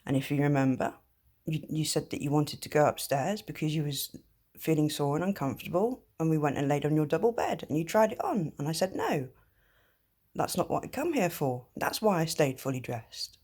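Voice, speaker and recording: A woman speaking straight to one person in a personal vlog, halting, with many ums and restarts, blunt and swearing freely. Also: low voice, animated, a little mellow. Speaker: vlogger.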